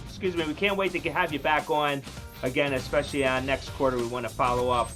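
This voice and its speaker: A man's voice: fairly high pitch, fast talker, fairly bright tone, faint music behind. A man co-hosting a finance talk show, easygoing as he asks questions and wraps up. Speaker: co-host.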